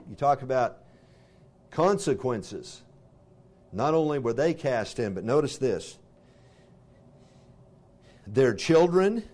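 A man reading scripture aloud and pausing to explain it in a conversational way, asking his listeners questions. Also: medium pitch, darkish tone. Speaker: Bible teacher.

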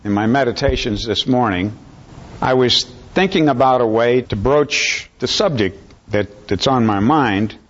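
A man preaching a sermon in an unhurried, earnest way, drawing in his listeners. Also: mid-range voice. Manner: unhurried, earnest, calls for amens. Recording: slightly dull lo-fi recording.

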